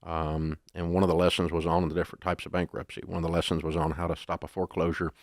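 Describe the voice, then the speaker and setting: An older man as an interview guest, telling stories in a folksy, animated way. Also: low-pitched, fast talker, no room sound, studio quality. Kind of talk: storytelling interview.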